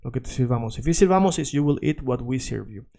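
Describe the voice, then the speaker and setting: Patient man teaching, dark voice. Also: medium pitch, animated, fast talker, creaky. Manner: explains patiently, repeats words, checks in with "all right?". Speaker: Spanish teacher. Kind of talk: video language lesson.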